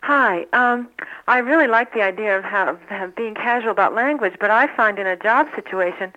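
A woman with a bright, tense voice calls in to a radio show. She speaks earnestly, halting with fillers, over a dull phone-line sound. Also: mid-range voice. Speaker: caller. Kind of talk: call-in radio conversation.

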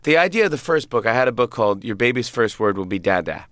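A man's voice: medium pitch, big pitch swings, fast talker, a bit bright, dry recording, clean studio sound. A man in his thirties, a comedian, chatting in an interview, laughing often and acting out voices in his stories. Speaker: comedian and guest. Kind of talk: interview conversation.

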